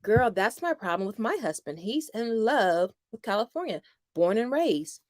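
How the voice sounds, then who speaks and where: A middle-aged woman hosting a homeschool channel, chatting casually with viewers and telling animated stories with playful quoted voices. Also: medium pitch, normal speed, no room sound, studio quality. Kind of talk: casual livestream chat with viewers.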